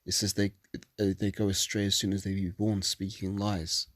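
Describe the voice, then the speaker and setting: A man's voice: deep voice, completely flat delivery, normal speed, no room sound. A man reading scripture verses solemnly and breaking into profane, angry commentary. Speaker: religious commentator.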